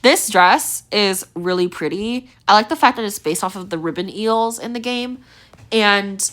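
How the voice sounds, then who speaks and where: A woman's voice: mid-range voice, measured pace, fairly bright tone. A young woman chatting casually as she rates outfits, rambling with lots of fillers, her voice a little tired and strained. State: voice tiring, slightly strained. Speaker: gaming video creator. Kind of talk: casual rating commentary.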